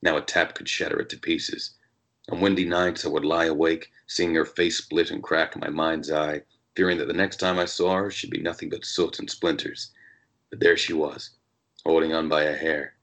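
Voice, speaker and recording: A man's voice: very deep voice, flat delivery, a bit bright. A man doing a jaded American noir detective. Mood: brooding. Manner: measured, brooding narration. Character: jaded hard-drinking male noir detective. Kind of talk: first-person noir reading.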